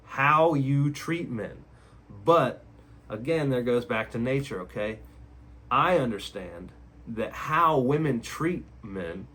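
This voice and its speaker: A man's voice: mid-range voice, fairly bright tone. A man giving blunt relationship advice in a casual monologue, repeating himself and asking rhetorical questions. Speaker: relationship advice video host.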